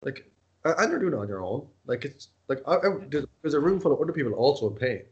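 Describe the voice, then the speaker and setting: Animated man on a dull line. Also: mid-range voice, fast. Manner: animated storyteller, acts out quoted dialogue. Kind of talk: casual chat.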